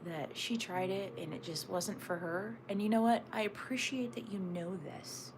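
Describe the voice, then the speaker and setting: A woman with a mid-range voice chats with her livestream viewers from home, answering their comments one after another. She often sinks into a near-whisper mid-sentence. A steady hiss of background noise runs under the whole recording. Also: mid-range voice, normal speed, gravelly. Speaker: livestream host. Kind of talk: casual livestream chat with viewers. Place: at home looking out over a snowy backyard.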